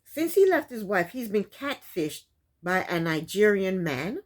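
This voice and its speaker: A woman's voice: medium pitch, very animated, unhurried. A woman casually recapping a reality show, chatty and sassy, often breaking into laughs.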